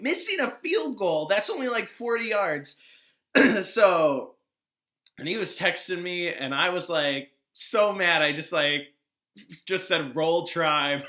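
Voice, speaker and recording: Bright-voiced man hosting a chatty recap. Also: a little high. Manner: chatty, exasperated, laughing asides. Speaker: host of a fantasy football recap show. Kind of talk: casual recap commentary.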